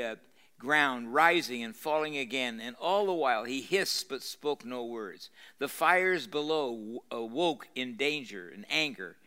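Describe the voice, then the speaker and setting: An older man reads a novel passage to a gathered audience, leaning into the drama and breaking off to explain the scene. His tone is bright and forward. He restarts phrases and fills pauses as he goes. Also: medium pitch. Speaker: pastor reading a novel aloud. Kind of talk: live lecture reading with commentary. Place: university lecture room.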